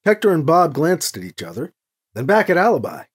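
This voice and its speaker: An expressive narrator reading a story aloud and giving each character its own voice. The pitch is very animated, rising and falling widely. The delivery is scripted storytelling. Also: a little fast, breathy edge. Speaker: audiobook narrator.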